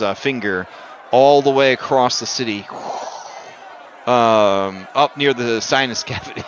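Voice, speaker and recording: A man's voice: medium pitch, a bit bright, dull audio, a little hiss or hum. A man narrating a tabletop game as game master, rambling and joking with lots of fillers.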